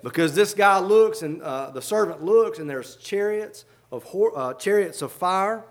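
A man's voice: sits high, animated, a little slow. A man preaching a sermon, fervently reading old scripture aloud and explaining it in plain everyday words.

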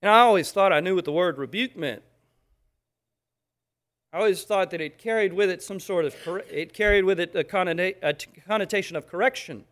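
A man preaching a sermon, emphatic and animated, acting out little scenes as he teaches. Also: high-pitched, a little fast.

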